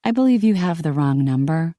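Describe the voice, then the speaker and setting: A woman's voice: low voice, animated, brisk, mellow, dry recording, clean studio sound. A woman narrator voicing a panicked young woman dentist in hiding, in frantic, breathless outbursts. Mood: polite. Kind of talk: audiobook character voice.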